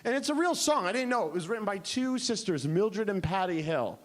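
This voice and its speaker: A man doing a stand-up comedy set on a club stage, telling stories in an animated, exaggerated way. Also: high-pitched, a little fast. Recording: noisy comedy club recording.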